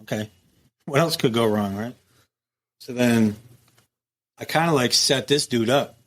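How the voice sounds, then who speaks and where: A middle-aged man, a former prison captain, telling stories bluntly and profanely in a casual interview. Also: medium pitch. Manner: blunt, profane, lively storyteller who acts out quotes.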